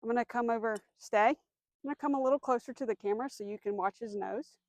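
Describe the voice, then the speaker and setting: A woman with a fairly high voice runs an outdoor dog training lesson. She explains each step plainly and gives commands in a firm tone. The sound is dry and close. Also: fast, no echo. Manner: clear instructional, firm commands, soft praise to dog.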